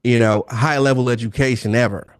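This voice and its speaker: A man hosts a live debate stream in a smooth, medium-pitched voice with fairly even intonation, talking a little fast. The recording is dry with clean studio sound. The debate is heated yet casual, and he speaks bluntly and profanely, pushing through interruptions.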